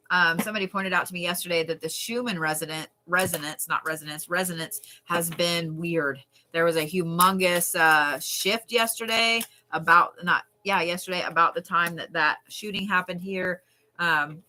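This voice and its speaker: A woman's voice: lowish voice, sharp tone, a little hiss or hum. A woman, doing live card readings and chatting candidly with viewers, swearing casually. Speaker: tarot card reader on a livestream.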